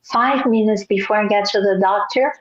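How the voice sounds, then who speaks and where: A woman's voice: mid-range voice, normal speed. A woman speaking in a mid-range voice, telling a story with lots of feeling and laughing along the way. The sound is dull and lo-fi, like audio from a video call. The talk is a loose, casual chat. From Nebraska, US. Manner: storytelling, animated, laughing often.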